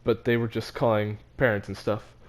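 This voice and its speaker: A man's voice: lowish voice, little pitch movement, normal speed. A teenage boy casually telling a story from his own life, laughing between phrases and stumbling over his words. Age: teens. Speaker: vlogger.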